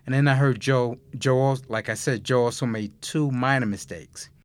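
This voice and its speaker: A man hosting a recorded language course, explaining grammar mistakes and giving listen-and-repeat prompts in a measured, clearly enunciated way. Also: mid-range voice, dry recording. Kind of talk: scripted Spanish lesson narration.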